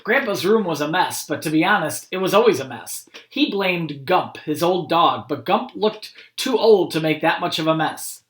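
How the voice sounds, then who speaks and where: A man, a school principal, reading a picture book aloud to children and chatting gently in asides. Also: fairly high pitch, expressive, normal speed, few pauses, a little hiss or hum. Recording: roomy echo.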